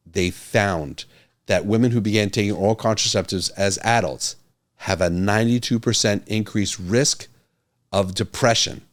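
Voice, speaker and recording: A middle-aged man, a physician hosting his own podcast and speaking to a camera in an earnest, emphatic way that repeats his key points. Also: fairly low pitch. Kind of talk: casual talk to camera.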